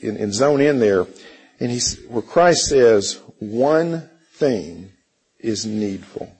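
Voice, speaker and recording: A middle-aged man teaching a church Bible class, halting, with many fillers and frequent throat clearing. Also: lowish voice, a little mellow, low-quality recording.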